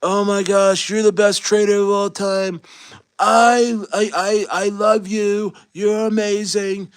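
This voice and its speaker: A man's voice: high voice, level tone, slow, smooth, voice pushed up. A man putting on the voice of a fawning, petulant older male politician who gushes with praise and whines when he loses. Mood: gushing. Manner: gushing praise, then whiny complaining.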